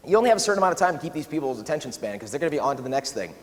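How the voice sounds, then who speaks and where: Fast, animated man on a conference stage. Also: medium pitch. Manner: animated, quick, acts out quoted asides. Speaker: conference speaker. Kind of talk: keynote talk. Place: large conference hall. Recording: long reverb of a large hall.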